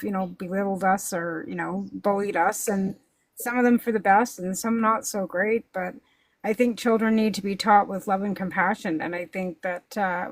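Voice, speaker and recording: A woman's voice: medium pitch, dry recording, poor audio. A woman in casual podcast chat, earnest and moralizing as she responds to the others.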